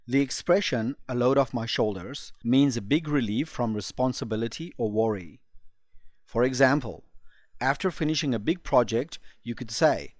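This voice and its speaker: A man presenting an English lesson for learners, explaining phrases slowly and clearly. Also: medium pitch, no echo, studio quality. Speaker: English teacher. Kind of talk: scripted lesson narration.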